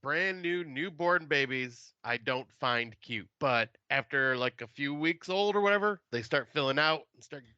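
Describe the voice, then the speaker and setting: A man's voice: on the high side, expressive, normal speed, few pauses, bright, forceful tone, clean tone. A man co-hosting a podcast, answering in easygoing, laid-back casual chat. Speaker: podcast co-host. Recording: dull lo-fi sound.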